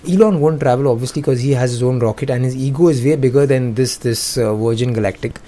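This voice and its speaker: A man's voice: mid-range voice, fast, mellow. A young man, hosting comedic news commentary in a sarcastic, joking way and laughing often. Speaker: host.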